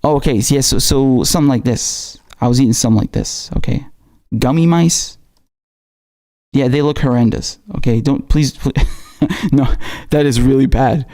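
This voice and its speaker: A man with a raspy voice hosting a live stream, talking casually and slangily with halting restarts as he reads out viewer messages. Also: mid-range voice, mellow. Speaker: livestream host.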